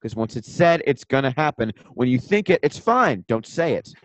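Young dude on a podcast, voice jumps all over, trails off mumbling, super dry mic. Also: male voice, medium pitch, normal speed, no echo. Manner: animated, jokey, drops to a mutter at line ends. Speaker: podcast co-host. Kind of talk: casual chat.

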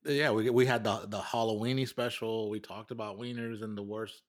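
A man's voice: lowish voice, fairly even intonation, moderate pace. A young man co-hosting a podcast, chatting loosely, laughing and swearing freely. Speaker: podcast co-host. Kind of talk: casual chat.

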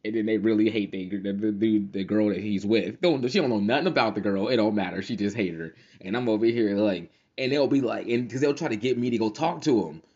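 A man's voice: on the low side, a little fast, few pauses, a little mellow. Slangy laughing podcast man, dull sound. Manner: slangy, profane, laughs often while telling stories. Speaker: podcast host. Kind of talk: casual solo podcast talk.

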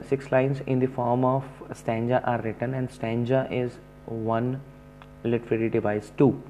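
A man teaching a poetry lesson, explaining slowly with many pauses and fillers. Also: medium pitch, phone-quality sound, slight background noise.

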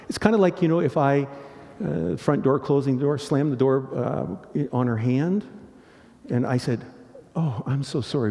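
A middle-aged man pastor preaching a sermon, earnest and animated, often asking the congregation rhetorical questions. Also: mid-range voice. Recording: long hall reverb.

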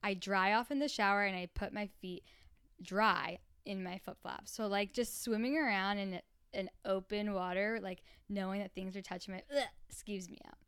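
A woman co-hosting a relaxed chat, tossing in wry, offhand comments with casual swearing. Her voice is smooth and clean, recorded dry and close with no room sound. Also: mid-range voice, moderate pace, no echo. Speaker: podcast co-host.

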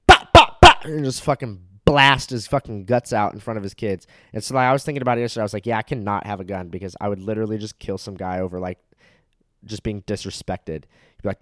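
A man's voice: fairly low pitch, no room sound, studio quality. A young man telling a rambling, profane comedic story that keeps getting heated, with plenty of filler words.

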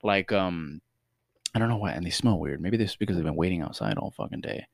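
A young man tells stories on a casual podcast, talking quickly in a fairly low voice. He is animated and swears freely, and he acts out the other people in his stories. The sound is dry and close, with no room in it. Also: gravelly, dry recording. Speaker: podcast co-host. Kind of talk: casual storytelling chat.

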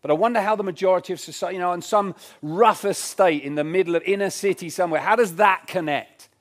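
A man's voice: high-pitched, fast talker. A man preaching a sermon in church, earnest and emphatic, repeating his key lines. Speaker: pastor.

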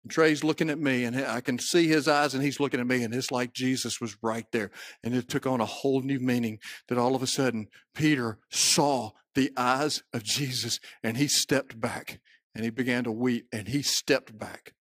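A man with a Southern US accent preaching a sermon, moving from quiet storytelling to shouted peaks. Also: medium pitch, fairly even intonation, normal speed, no echo, clean studio sound. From Southern United States. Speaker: pastor.

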